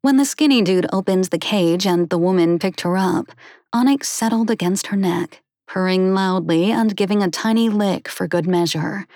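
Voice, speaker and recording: A woman narrating a children's animal story in a steady, even reading voice. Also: mid-range voice, moderate pace, no room sound, clean studio sound.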